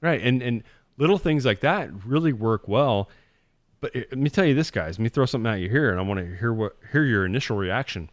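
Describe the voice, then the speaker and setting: A man's voice: mid-range voice, animated, fast, dry recording. A man hosting a casual podcast conversation over a video call, joking and talking over the others. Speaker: podcast host.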